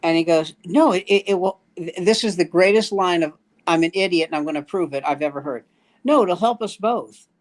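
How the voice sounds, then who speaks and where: A man's voice: fairly high pitch, brisk, few pauses. Older male comedian telling a story. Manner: acts out quoted dialogue in the story. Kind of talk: storytelling in casual chat.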